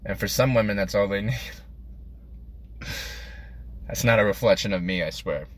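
A man's voice: lowish voice, moderate pace. A man delivering a crude, self-deprecating comedic monologue as a podcast host, rambling from one thought to the next.

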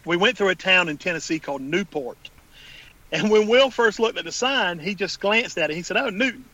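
A Southern man with a somewhat high voice swaps travel stories on a podcast. He talks loosely, laughs often and swears freely. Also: expressive, fairly quick, sharp tone, no echo, lo-fi sound. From South Carolina. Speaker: podcast co-host. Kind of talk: casual chat.

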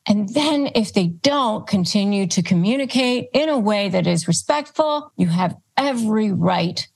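A woman hosting an advice podcast, walking through her points one by one and modeling calm phrases aloud in a steady, methodical way. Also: mid-range voice, a little slow, creaky. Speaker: podcast host giving advice. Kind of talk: instructional monologue.

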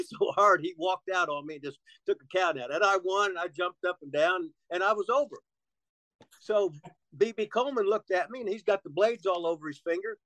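A man's voice: high voice, a bit bright, no room sound, rough recording. A man telling rambling, profane stories as a guest in a casual interview, laughing often.

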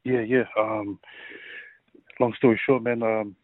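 Man, 30s, rugby player guest, halting speech with fillers, lowish voice, dry phone-like sound. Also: flat delivery, dry recording. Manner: halting, full of fillers and restarts. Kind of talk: casual interview, personal story. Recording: tinny phone-like line.

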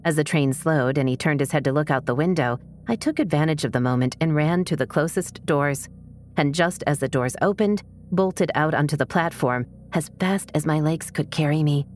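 A woman narrating a first-person true story in a measured, tense storytelling manner. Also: low voice, a little mellow, a little hiss or hum.

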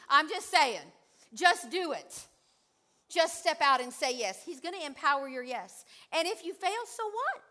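Woman preacher, high and bright, playful call-and-response delivery. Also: very animated, normal speed. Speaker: pastor. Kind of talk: sermon.

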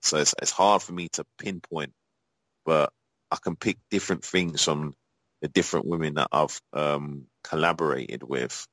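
A man's voice: extremely low pitch, fairly even intonation, moderate pace, fairly bright tone, no echo, rough recording. A man from Europe answering interview questions in a casual, rambling way, with many fillers and restarts and blunt, profane talk. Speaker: guest, adult performer.

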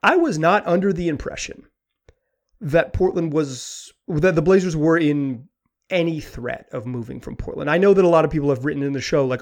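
A man hosting a sports talk podcast, talking in an animated, rambling way with frequent restarts. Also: on the high side, normal speed. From Pacific Northwest. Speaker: podcast host.

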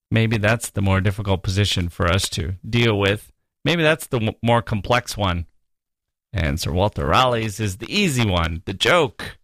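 Musing man, low dry voice. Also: dry recording. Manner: musing, with soft laughs and quoted readings. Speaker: podcast host. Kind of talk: reflective literary commentary.

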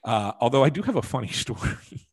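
A man's voice: mid-range voice, big pitch swings, fairly quick, husky. Casual rambling male podcast storyteller. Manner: rambling anecdotal delivery with fillers and restarts. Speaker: podcast co-host, former hockey beat writer.

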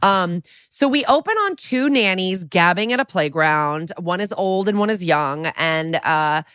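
A woman's voice: fairly low pitch, expressive, measured pace, fairly bright tone, clean tone, no echo, studio quality. Chatty sarcastic woman podcast co-host. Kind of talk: casual chat.

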